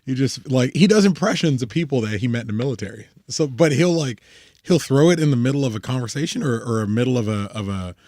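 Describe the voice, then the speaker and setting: A man co-hosting a casual podcast chat, excitable and profane, laughing often. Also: mid-range voice, fast, dry recording, clean studio sound. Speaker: podcast co-host.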